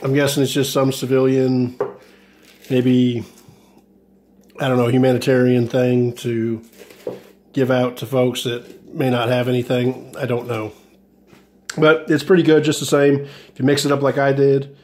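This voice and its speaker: A man talks through a ration tasting for his regular vlog audience. His pitch stays flat and even throughout, and he rambles along hesitantly, stopping to restart sentences and filling gaps with ums and uhs. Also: measured pace, pauses often, a little hiss or hum. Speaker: ration review vlogger. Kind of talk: casual food review vlog.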